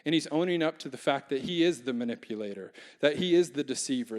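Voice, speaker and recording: Pastor preaching in a reverberant church hall. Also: male voice, medium pitch, lively intonation, fast. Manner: conversational, humorous, asks the congregation questions. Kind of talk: sermon.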